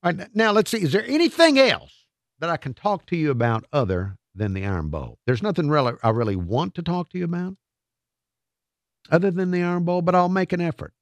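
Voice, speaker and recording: A man's voice: on the high side, lively intonation, brisk, no room sound, studio quality. A man hosting a radio talk show, playful and self-mocking, often trailing off and restarting. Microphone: studio microphone.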